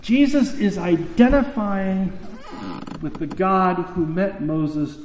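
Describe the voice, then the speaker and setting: A man with a high voice preaches an unhurried, conversational sermon, now and then asking his listeners a question. His voice carries through a large echoing hall with a long reverb tail, picked up from a distance, with a faint hiss behind it. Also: a little mellow.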